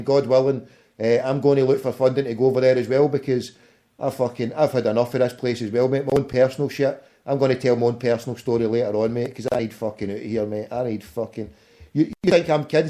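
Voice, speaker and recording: A man's voice: mid-range voice, fairly even intonation, fast talker, warm tone. A Scottish man in casual chat, blunt and profane, dropping "mate" often. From Scotland.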